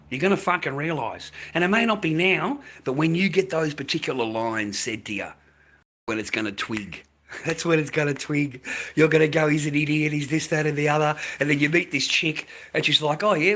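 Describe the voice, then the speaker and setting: A man's voice: a little high, fairly bright tone, breathy edge, rough recording. An Australian man hosting a livestream, ranting bluntly at his viewers in a profane, slangy, lecturing way. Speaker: livestream host.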